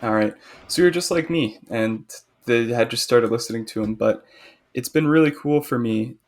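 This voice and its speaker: A male podcast co-host who talks at length and is firm in his views, often ribbing his partner. His voice sits at a middle pitch. It has a gravelly, creaky texture. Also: moderate pace. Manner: opinionated, talkative, teasing. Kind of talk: casual chat.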